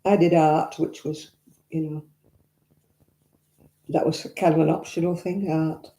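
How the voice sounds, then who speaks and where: Her voice sits low, dark, and steady, and she talks a little slowly: an older Northern English vlogger at home. She reminisces while answering viewer comments, slipping in blunt asides, in a room with noticeable echo.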